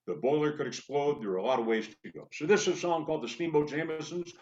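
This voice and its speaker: A man's voice: fairly high pitch, animated, fast. A man from the Pacific Northwest of the United States, a folk singer telling joking stories between songs on a live stream. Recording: dull lo-fi stream with guitar. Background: acoustic guitar.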